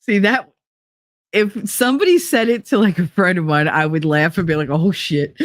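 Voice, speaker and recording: A woman's voice: mid-range voice, animated, moderate pace, no room sound, clean studio sound. A woman in her forties hosting a casual live-chat show, chatty and teasing, laughing often as she reads comments. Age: 40s. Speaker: host.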